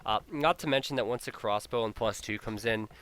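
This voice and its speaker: A man's voice: lowish voice, fairly quick, a bit bright, slight background noise. A man giving live play-by-play commentary on a strategy game match, chatty and openly incredulous, laughing at the players' blunders. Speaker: game caster.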